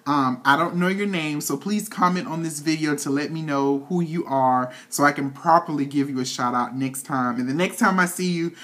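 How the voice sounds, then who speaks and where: A woman's voice: low voice, normal speed, hardly any pauses, a bit bright. Sassy, dishy woman gossiping. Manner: sassy, dishy, swears a lot, calls the viewer "child" and "honey". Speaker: TV show reviewer. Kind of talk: casual gossipy recap vlog.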